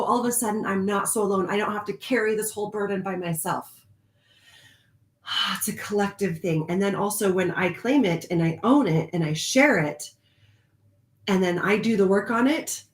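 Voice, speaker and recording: In a live online spiritual group, a woman with a medium-pitched, reverberant voice confides in her audience warmly. She laughs a lot and occasionally slows her pace.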